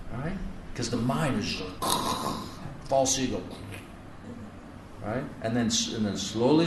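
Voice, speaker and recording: A man's voice: mid-range voice, lively intonation, normal speed, pauses often, noisy background. A man giving a spiritual class as a monk, preaching earnestly and stretching out repeated words for emphasis. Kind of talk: sermon. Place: lecture hall in India. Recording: echoey room from far off, faint ambience.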